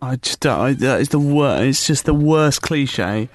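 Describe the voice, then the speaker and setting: A man co-hosting a podcast, teasing his friend with quick questions in casual chat. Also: medium pitch, animated, no echo. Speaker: podcast co-host.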